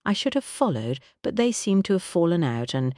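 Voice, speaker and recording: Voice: medium pitch, sing-song, moderate pace, a little mellow, no room sound, clean studio sound, lightly acted. A narrator voicing Swift, a tetchy but earnest man going carefully through his notes. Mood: regretful. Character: earnest, tetchy police inspector, secretly romantic. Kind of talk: audiobook character reading.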